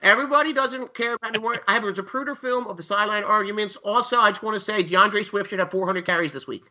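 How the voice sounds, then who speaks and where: A fed-up sports radio caller rants in a thick Philadelphia accent, as a man puts him on. The voice sits raised and bright, exasperated and fast-talking. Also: sits high, voice pushed up, low-quality recording. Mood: ranting. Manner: ranting, exasperated.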